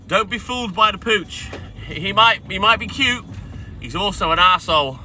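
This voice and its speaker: A man's voice: high-pitched, animated, moderate pace, bright, forceful tone. Chatty man streaming from a van. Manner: chatty, bantering, casually swearing. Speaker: milkman streamer. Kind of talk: casual live stream chat. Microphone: phone live stream. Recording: music playing clearly behind.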